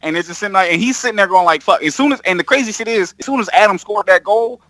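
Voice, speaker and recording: Animated high-voiced man, dry sound. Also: racing, dry recording. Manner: animated, profane, acts out movie scenes. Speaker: podcast co-host. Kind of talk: casual chat.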